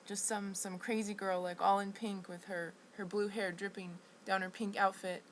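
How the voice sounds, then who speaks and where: Over a rough recording with a little background noise, a female vlogger tells a rambling personal story in her mid-range voice, which barely moves in pitch. She sounds indignant and restless the whole way, stopping, restarting and leaning on fillers.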